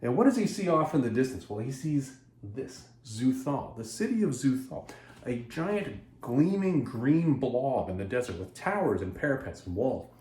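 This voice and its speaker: A man's voice: mid-range voice, very animated, moderate pace, darkish tone. A man hosting a video, recapping a story in a chatty, digressive way and correcting himself as he goes. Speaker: video host. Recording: echoey room.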